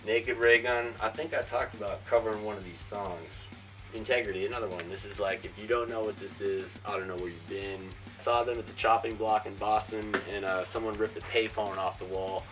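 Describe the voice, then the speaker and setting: A man's voice: fairly low pitch, steady tone, brisk, a bit bright, soft background music. A young man from a band giving a casual tour of his home and backyard, offhand and swearing a lot. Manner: profane, jokey and offhand. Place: home, indoors then backyard.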